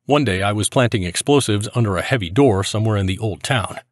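A man with a fairly low voice narrates a first-person memoir, steady and grave throughout. The recording is dry and close, with no room sound around him. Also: fast talker, no room sound. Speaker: narrator reading a soldier's memoir.

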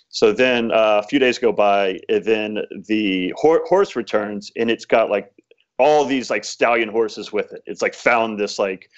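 A man's voice: fairly low pitch, unhurried, highs cut off. A man being interviewed as an author, telling a story in a rambling, casual way with many fillers. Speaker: author guest.

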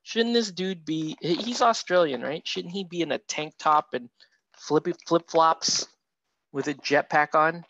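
A man's voice: fairly high pitch, measured pace, fairly bright tone, highs cut off. A man who streams himself painting miniatures, chatting casually and rambling with self-mocking asides to his viewers. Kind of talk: casual livestream painting tutorial.

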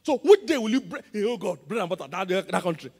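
A man with a Nigerian accent, a pastor preaching a sermon with emphatic call-and-response, swinging between loud and soft. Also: high-pitched, animated, fast, husky, big-room sound. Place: large church auditorium.

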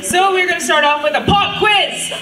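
A woman's voice: extremely high pitch, normal speed. A young woman hosting a fan cosplay panel at a convention, upbeat and playfully bossy, laughing often. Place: large echoey convention hall. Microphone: handheld mic, heard from a distance. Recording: echoey hall from far off, loud noise.

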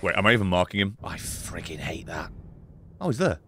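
Streamer guy swearing at his game, kinda gravelly voice, bouncy pitch. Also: fairly quick, a little hiss or hum. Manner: excitable, profane, chatty. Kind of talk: live gameplay commentary.

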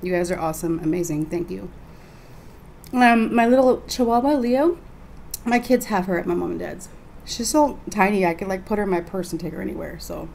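A woman's voice: on the low side, brisk, gravelly, a little mellow, a little hiss or hum. Chatty Texan woman vlogging from a hotel. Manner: chatty, laughing, swearing, eating while talking. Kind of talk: casual storytelling vlog. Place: hotel room.

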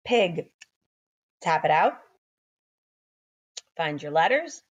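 Slow, low-voiced kindergarten teacher. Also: female voice, big pitch swings, muffled recording. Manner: encouraging, sounds out letters slowly. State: sleepy, keeps yawning. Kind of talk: phonics lesson for young children.

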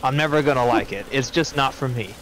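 A man's voice: medium pitch, brisk, a bit bright, slight background noise, low-quality recording. A man casually chatting and giving his opinions while playing a co-op game, cursing when things go wrong. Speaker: gamer playing co-op. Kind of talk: casual co-op gameplay banter.

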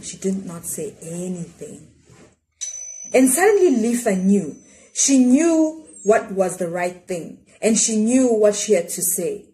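A woman with a medium-pitched voice reads a children's storybook aloud, expressive and full of dramatic pauses.

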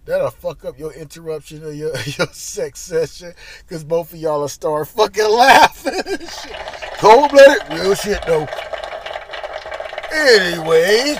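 A high-voiced man rants through a profane comedic monologue, often jumping in volume and slipping into other voices to act out scenes. His voice sits high for a man. Steady noise runs under the recording. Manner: profane, loud, animated, acts out voices. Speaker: comedic podcast host.

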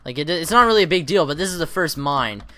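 A man hosting a Let's Play, chatting casually and rambling through his gameplay with self-mocking, excitable asides. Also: fairly high pitch, fast talker. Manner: lively, excitable exclamations.

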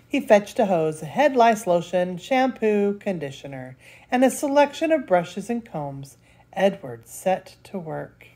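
Expressive older woman reading a storybook. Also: medium pitch, unhurried. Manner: expressive, laughs between lines. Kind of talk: reading a picture book aloud.

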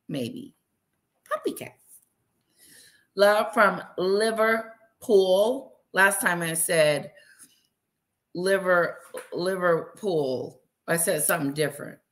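A woman hosting a casual livestream, warmly greeting viewers by name, bubbly and chatty. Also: on the low side, slow pace. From Wisconsin. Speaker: livestream host. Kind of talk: casual live chat with viewers.

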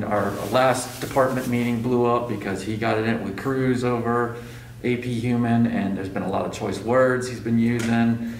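A man playing a teacher, complaining and gossiping. His voice is on the low side. He sounds distant, in a roomy space. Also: slight background noise. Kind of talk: improvised amateur acting. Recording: echoey room, far from mic.

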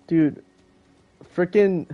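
This teen gaming streamer has a high voice, keeps a steady tone and draws out his words, all on a muffled recording. He jokes and chats casually with friends on a call.

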